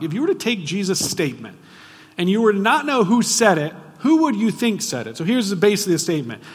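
A man preaching a sermon, asking the audience frequent rhetorical questions and swinging between hushed and loud, emphatic delivery. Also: high-pitched, huge pitch swings, brisk. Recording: long reverb of a large hall.

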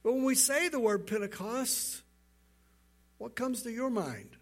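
A male pastor preaching a sermon, telling a long joke in an animated storytelling manner and often repeating words. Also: very high voice, a little slow.

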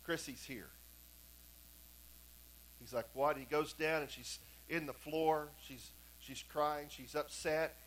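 A man preaching a sermon in a church, telling stories and swinging from hushed tones to emphatic repetition. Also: fairly high pitch, steady tone, unhurried, few pauses, rough recording. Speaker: pastor. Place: church sanctuary.

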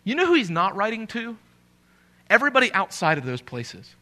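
Animated pastor preaching. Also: male voice, sits high. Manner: animated, joking with the congregation, repeats key phrases slowly for emphasis. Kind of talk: sermon. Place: church sanctuary, live preaching.

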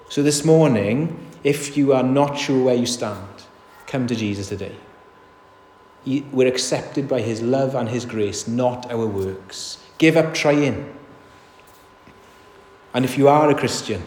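A man's voice: mid-range voice, a little mellow. A man preaching a sermon in a church, earnest and emphatic, often asking his listeners rhetorical questions. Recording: echoey hall reverb.

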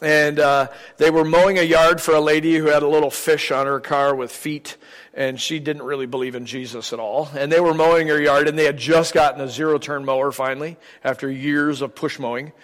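A middle-aged man preaching a sermon, his voice sitting fairly high for a man. He is animated and slips into the voices of people in his stories. The sound rings with the long reverb of a large hall. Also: a little fast. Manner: animated, acts out quoted voices. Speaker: pastor.

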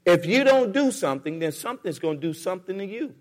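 Rhythmic high-voiced man preaching. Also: animated, fast talker, big-room sound. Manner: call-and-response, rhythmic, repetitive. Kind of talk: sermon. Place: church sanctuary.

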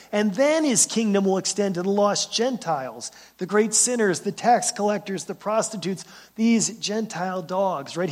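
A man preaching a sermon as pastor, talking conversationally, often checking in with "right?" and repeating words as he starts sentences. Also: sits high. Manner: conversational preaching with frequent "right?" tag questions.

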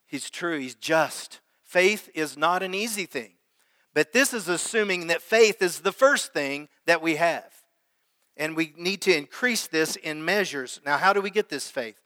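With a fairly high, sharp, animated voice at a measured pace, a man preaches as pastor, praying and reading scripture aloud while trading call-and-response with his congregation. The recording is dry but carries a long reverb tail.

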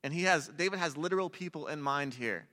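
Casual young-sounding pastor, bright echoing hall. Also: male voice, fairly high pitch, fairly quick. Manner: casual, conversational preaching with asides to youth. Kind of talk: sermon. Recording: long hall reverb.

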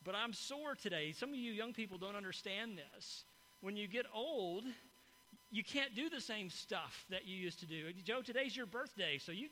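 A man's voice: high voice, sharp tone, slight background noise, poor audio. A middle-aged man preaching a sermon to a congregation, in a conversational, storytelling manner with frequent "right?" asides. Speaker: pastor. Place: church hall before a congregation.

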